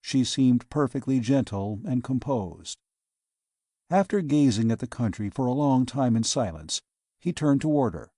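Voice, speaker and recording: A man reading an audiobook of a novel, with a steady, measured literary delivery. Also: mid-range voice, no room sound, clean studio sound. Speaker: audiobook narrator. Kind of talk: scripted narration.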